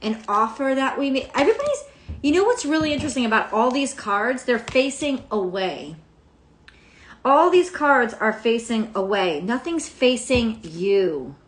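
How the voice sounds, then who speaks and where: A woman's voice: a little high, big pitch swings, normal speed, a little hiss or hum. A woman giving a casual daily tarot reading. She rambles, swears freely and laughs often. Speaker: tarot reader. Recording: roomy echo.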